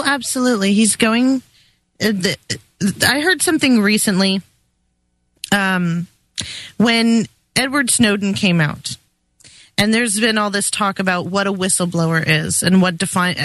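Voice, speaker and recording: A woman co-hosting a political talk show, explaining at a measured pace with some fillers. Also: medium pitch, fairly bright tone, dry recording.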